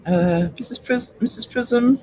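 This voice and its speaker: A man's voice: very high-pitched, a little slow, darkish tone, slight background noise, poor audio. A man hosting a live stream, rambling chattily and greeting viewers in chat by name. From United Kingdom. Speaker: livestream host.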